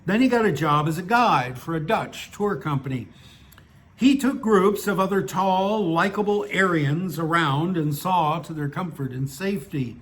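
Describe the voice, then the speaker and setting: A man's voice: on the high side, unhurried, a bit bright, a little hiss or hum. Older man reading his own stories. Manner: digressive, self-mocking asides. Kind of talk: story reading with chatty asides.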